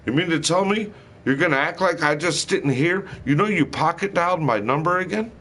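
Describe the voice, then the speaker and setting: A man's voice: fairly high pitch, lively intonation, a little fast, pushed and bright. A man delivering a rambling, angry monologue, swearing heavily and hurling accusations. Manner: heated, profane, accusatory ranting.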